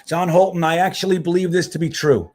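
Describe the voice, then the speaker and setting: Man, casual livestream host, slightly high voice, loose and profane chat. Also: fairly even intonation, brisk, a little mellow. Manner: loose, profane, chatty, reacts to plays. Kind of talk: casual live watch-along chat. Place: home in Miami.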